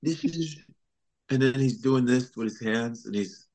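A man's voice: mid-range voice, a little slow. A man who is a comedian, chatting casually in an interview, telling stories with lots of laughter. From Chicago comedy scene. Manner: animated storyteller, slips into impressions, laughs often. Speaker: comedian guest.

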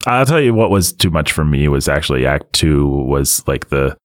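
A man co-hosting a casual movie-review talk, rambling and animated, often laughing. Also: extremely low pitch, moderate pace. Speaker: podcast co-host reviewing a movie. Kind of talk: casual chat.

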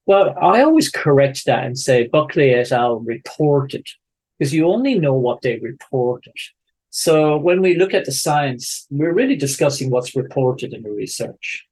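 A man in his forties with an Irish accent, a podcast guest who talks in a measured, explanatory way. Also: fairly high pitch, sing-song, a little mellow. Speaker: guest researcher. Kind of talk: podcast conversation. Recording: faint music behind.

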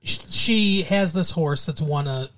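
A man co-hosting a podcast, recapping a show in casual chat with wry, deadpan asides. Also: on the high side, a little slow. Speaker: podcast co-host.

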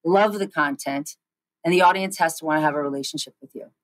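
Woman, forties, interview guest, animated storyteller, dry sound. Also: deep voice, no echo, poor audio. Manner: animated, fast storytelling with many restarts.

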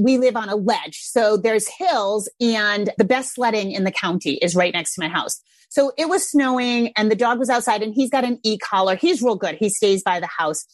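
A middle-aged woman chatting casually, an animated storyteller who swears now and then. Her pitch leaps and swings as she talks, sitting a little high. The sound is dry and close. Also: dry recording. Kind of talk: casual chat.

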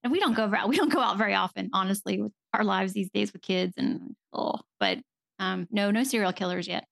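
A woman therapist chatting openly as a podcast guest, her speech full of casual fillers. Her voice carries a gravelly, fry-tinged texture. The sound is dry and close. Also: mid-range voice, fairly quick, fairly bright tone, no room sound. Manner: chatty, candid, many fillers. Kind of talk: casual conversational interview.

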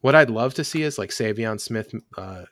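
A man's voice: lowish voice, lively intonation, normal speed, a bit bright, no room sound, studio quality. A man hosting a casual sports podcast, rambling with many fillers while he has the hiccups. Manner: rambling, self-interrupting, lots of fillers. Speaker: podcast host.

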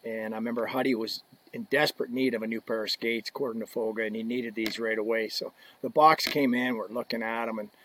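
A man's voice: mid-range voice, fairly even intonation, fast, fairly bright tone, a little hiss or hum. A man in his fifties, a podcast guest, casually telling anecdotes and laughing as he goes. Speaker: guest, hockey equipment rep. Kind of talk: casual storytelling.

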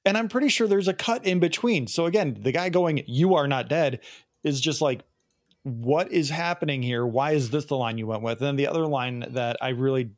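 A man's voice: mid-range voice, a little fast. Chatty man podcast co-host. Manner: chatty, animated when mocking film lines. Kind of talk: casual chat.

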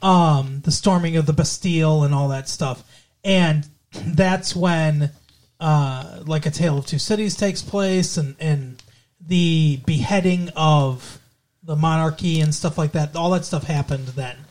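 A man's voice: fairly high pitch, unhurried, darkish tone. A man co-hosting a podcast, casually recapping a movie plot in a rambling way, full of fillers and swearing. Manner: rambling, swears freely, filler-heavy retelling. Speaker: podcast co-host.

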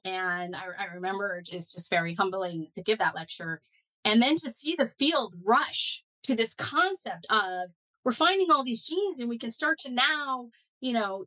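A woman's voice: mid-range voice, low-quality recording. A middle-aged woman talking as an interview guest, telling her story with lots of "like" and "you know". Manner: animated storyteller, many "like" and "you know" fillers. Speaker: guest, foundation director and neuroscientist. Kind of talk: conversational interview.

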